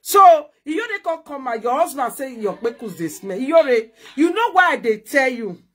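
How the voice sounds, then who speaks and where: A woman's voice: high voice, big pitch swings, normal speed. A woman speaking Nigerian Pidgin, a talk show host in a heated casual chat, brash and scolding, repeating her points.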